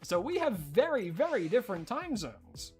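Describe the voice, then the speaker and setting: A streamer with an Australian accent, chatting casually and rambling while playing, breaking into excited disbelief. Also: medium pitch, moderate pace, soft background music. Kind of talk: casual live-stream chat while gaming.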